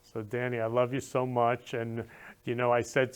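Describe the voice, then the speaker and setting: A man's voice: medium pitch, little pitch movement, unhurried, smooth. A man hosting a talk show who gushes and keeps repeating affectionate phrases to his guests. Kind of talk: effusive interview hosting.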